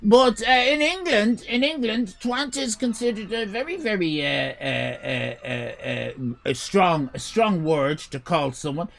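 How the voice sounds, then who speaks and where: Irish male streamer; loose, sweary banter, high and animated delivery. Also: unhurried, vocal fry. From Ireland. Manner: rambling, swearing, bursts of shouting. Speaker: livestream host. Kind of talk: casual live-stream chat.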